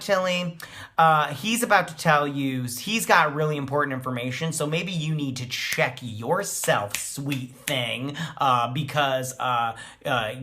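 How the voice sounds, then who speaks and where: Male review host, mid pitch, bright and forceful, blunt and dismissive, loose and full of fillers. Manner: blunt, dismissive, ranting, many fillers and restarts. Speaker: TV episode reviewer, channel host. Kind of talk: casual spoken episode recap and review.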